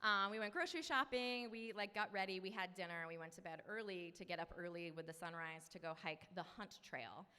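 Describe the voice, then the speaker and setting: A woman's voice: on the low side, sharp tone, clear, resonant tone, big-room sound. A woman in her thirties from Maine, telling a personal story to a live audience in a chatty, self-deprecating way. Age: 30s. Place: live event venue.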